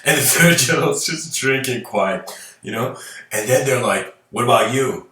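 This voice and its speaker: A man's voice: mid-range voice, animated, normal speed, bright, forceful tone. Rambling male lecturer in a roomy hall. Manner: loose and rambling, heavy on fillers, chuckles. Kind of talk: casual storytelling lecture. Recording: roomy, from a distant mic.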